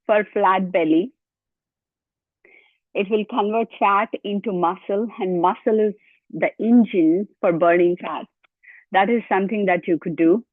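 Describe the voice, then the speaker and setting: A woman yoga teacher talks slowly and steadily, guiding each move and counting the reps aloud, sometimes short of breath. Her voice comes through a thin, phone-like band with a dry, close sound. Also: medium pitch, steady tone, dry recording. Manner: counts repetitions aloud, gives step-by-step cues. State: out of breath at times. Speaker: yoga instructor. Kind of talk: guided exercise instruction.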